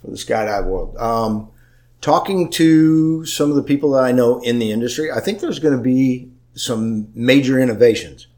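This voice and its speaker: A man's voice: medium pitch, normal speed, a little mellow. A man in casual chat, agreeable and supportive, chiming in on his partner.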